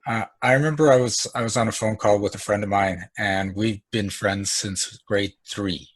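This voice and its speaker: A man chatting casually, giving calm, reassuring advice with a few restarts. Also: on the low side, moderate pace, no echo. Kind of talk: casual chat.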